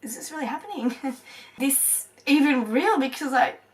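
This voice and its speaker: A young woman from Australia tells a personal story to camera, halting and tearful, with many fillers and pauses. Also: sits high, expressive, far from the mic, low-quality recording. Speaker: vlogger.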